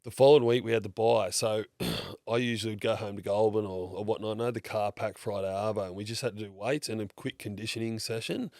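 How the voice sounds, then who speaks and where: A man with a lowish voice and an Australian accent chats as a podcast guest. He talks loosely and blokey, swearing and acting out quotes. The sound is dry and close. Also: fairly even intonation, fast talker, hardly any pauses, darkish tone, no room sound. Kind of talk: casual storytelling chat.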